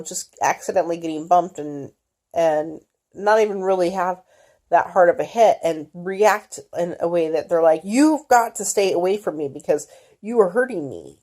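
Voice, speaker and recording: Middle-aged female vlogger, lowish voice, candid, halting delivery. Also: darkish tone. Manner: candid, halting, many fillers and restarts. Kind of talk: personal health story, casual.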